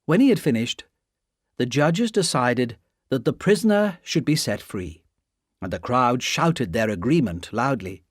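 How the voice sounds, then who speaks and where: A man narrates an audiobook from a script, slowly and expressively, his voice in the mid range. The studio sound is clean, with no room sound at all.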